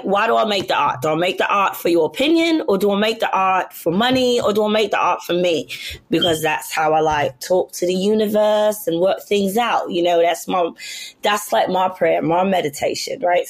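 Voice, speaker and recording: A woman with a Brooklyn accent chatting casually, rambling loosely with lots of fillers and laughs. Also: medium pitch. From Brooklyn, New York. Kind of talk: casual chat.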